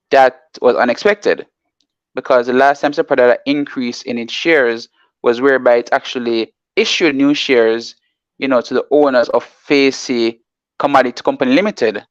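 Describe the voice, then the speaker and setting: A man's voice: mid-range voice, moderate pace, no echo. Male market analyst, explains at length, says "you know" a lot; dry, slightly dull audio. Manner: reads out formal text, then explains at length with many "you know"s. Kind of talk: explaining finance on a live show.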